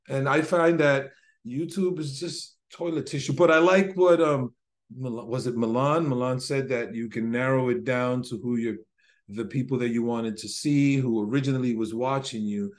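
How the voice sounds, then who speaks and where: A man sharing thoughts in a casual video-call discussion, rambling and enthusiastic as he corrects himself. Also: medium pitch. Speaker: symposium participant.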